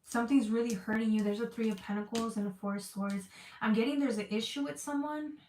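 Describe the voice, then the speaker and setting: Emotional tarot reader, echoey and off-mic. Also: female voice, fairly high pitch, steady tone, quick pace, darkish tone, recorded from a distance, slight background noise. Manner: emotional, repetitive, searching for words. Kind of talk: casual tarot reading.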